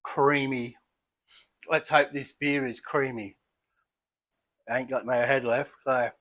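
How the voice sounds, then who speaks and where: A man's voice: mid-range voice, slow pace. Chatty Australian man tasting beer. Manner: relaxed, chatty, thinking aloud while eating and sipping. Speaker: beer reviewer. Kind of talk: casual tasting vlog.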